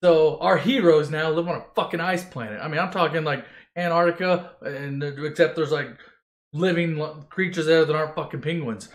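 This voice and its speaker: High-voiced man telling a crude movie recap. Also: moderate pace, reverberant. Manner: crude, rambling, swears constantly, mimics characters loosely. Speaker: storyteller. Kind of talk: profane comedic movie retelling.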